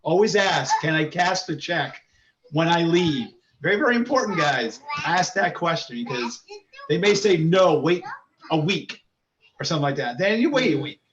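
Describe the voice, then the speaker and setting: A man's voice: on the high side, animated, moderate pace. A man telling a story and giving earnest advice in a casual group chat. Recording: dull lo-fi sound with clear background noise.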